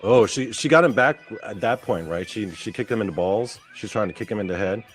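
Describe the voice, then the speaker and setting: A man hosts his own show with a fairly low voice. He gives loose, profane and excitable commentary as he watches a clip. Faint music plays underneath him. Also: a little fast. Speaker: podcast host. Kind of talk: casual commentary over a wrestling clip.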